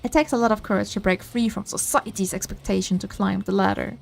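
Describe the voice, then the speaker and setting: A woman VTuber streamer giving excitable, playful commentary while playing a dating game. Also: medium pitch, quick pace, creaky, faint music behind. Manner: excitable, playful, gasps and laughs. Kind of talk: casual gaming commentary.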